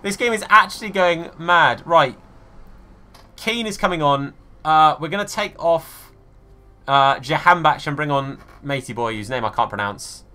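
Excitable streamer, bright and lively. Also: male voice, a little high, measured pace. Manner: excitable, shouts at the game, chats with viewers. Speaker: game streamer. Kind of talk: live gameplay commentary.

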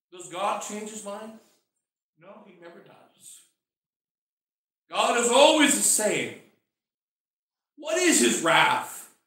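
A man, a bishop, preaching a sermon with passion, acting out quoted voices and swinging from loud outbursts to hushed asides. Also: sits high. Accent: American. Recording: very echoey church, mic far off.

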